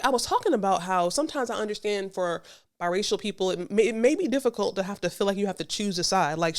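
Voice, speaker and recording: A woman's voice: fairly low pitch, clean tone. A woman hosting a podcast, giving a reaction commentary monologue in an emphatic, sassy way, repeating her points and talking straight to the listener. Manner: conversational, addresses the listener directly. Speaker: podcast host.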